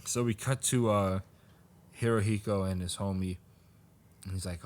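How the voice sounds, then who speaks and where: A man's voice: on the low side, fairly even intonation, normal speed, darkish tone. A man co-hosting a podcast, casually recapping a comic, rambling and laughing often as he acts out lines. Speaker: podcast co-host.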